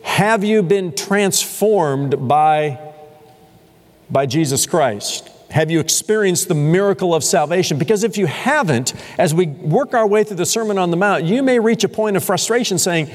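A pastor preaches to his congregation, his voice swinging widely as he drives home each point and leans into the key phrases. He is a man with a slightly high voice. The church sanctuary gives his words a long, lingering reverb. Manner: expressive preaching with rising emphasis and pauses. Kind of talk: sermon.

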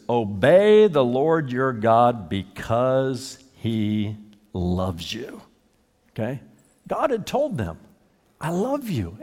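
A middle-aged man preaching with a lively, rising and falling pitch. He throws out rhetorical questions and small chuckles. His voice rings out with a long hall echo. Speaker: pastor. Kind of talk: sermon.

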